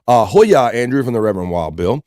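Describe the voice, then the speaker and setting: A man's voice: mid-range voice, very animated, a little fast, darkish tone, a little hiss or hum. A man with an American accent hosting a live stream show, casually reading out chat messages and greeting viewers. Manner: laid-back, reads chat messages aloud. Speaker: livestream host.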